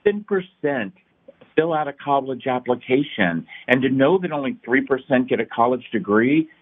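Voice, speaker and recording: A middle-aged man, founder of a nonprofit, uses an expressive, medium-pitched voice at normal speed to tell his story in an interview. He is earnest and emphatic, building to rousing peaks, heard over a tinny phone-like line.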